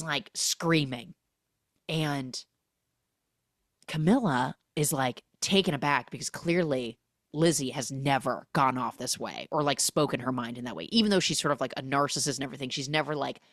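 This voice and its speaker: A woman with a low, grounded voice hosts a casual podcast recap. She tells the story in a chatty way and jumps into the characters' lines with sudden swings in pitch. The sound is close and dry, with no room around it. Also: animated, moderate pace, no room sound. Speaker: podcast host recapping a film.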